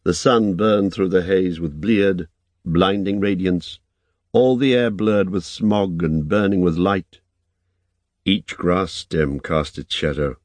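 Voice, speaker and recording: A man narrating an audiobook in a measured, even reading. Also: low voice, no room sound.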